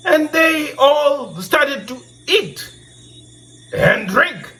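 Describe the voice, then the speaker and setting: A man from Kenya tells a moral folk tale in a fairly high voice with big swoops of pitch. He takes his time, drawing out his phrases and repeating his questions like a preacher, over faint music. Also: lively intonation, extremely slow, pushed and bright, a little hiss or hum. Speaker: storyteller and show host. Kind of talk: oral storytelling with a moral.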